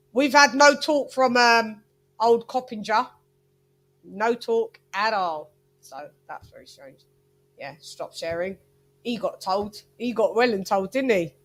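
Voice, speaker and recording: A woman talks boxing in a loose, chatty livestream. She wanders between points and talks straight to her viewers in a fairly high voice. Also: a bit bright. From Britain. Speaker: boxing channel host. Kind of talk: casual livestream commentary.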